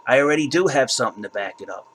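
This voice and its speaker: A man's voice: mid-range voice, lively intonation, rapid-fire, fairly bright tone, a little hiss or hum, rough recording. A man hosting his own crypto channel, ranting in a heated, casual way and often repeating and restarting his words. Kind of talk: heated casual rant to camera.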